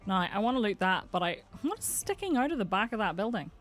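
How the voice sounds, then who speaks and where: A woman from Northern Ireland with a Northern Irish accent, a game streamer chatting casually with her chat, self-mocking and quick to laugh. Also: medium pitch, sing-song, faint music behind. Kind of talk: casual live-stream chat while playing.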